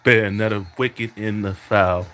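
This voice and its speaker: A man with a fairly low voice trash-talks his way through a basketball video game. He imitates an announcer's calls and taunts his opponent as he plays. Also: fairly even intonation, a little slow, sharp tone. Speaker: podcast host playing a basketball video game. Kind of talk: trash-talking play-by-play over gameplay.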